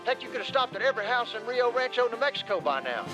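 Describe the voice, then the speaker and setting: An actor playing a laid-back, folksy washed-up cowboy pitchman who drawls and keeps saying "man.". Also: big pitch swings, fast talker, highs cut off, loud music behind the voice. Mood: grumbling. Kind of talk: comedic ad acting.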